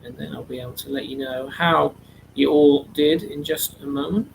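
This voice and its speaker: A man's voice: fairly high pitch, fairly even intonation, normal speed, gravelly, a little hiss or hum, low-quality recording. A man hosting an online charity quiz, reading out answers in a chatty, slightly flustered way. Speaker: quiz host.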